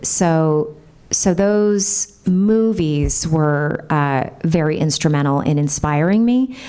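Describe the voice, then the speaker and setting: A voice actress chatting bubbly and gushing with fans at a convention panel. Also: female voice, sits low, mellow, clean tone.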